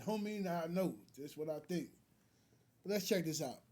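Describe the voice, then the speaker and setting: High-voiced man rambling to his viewers. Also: normal speed, darkish tone. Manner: rambling, many fillers and restarts, addresses viewers as brothers. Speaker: commentary video host. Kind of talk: casual reaction commentary.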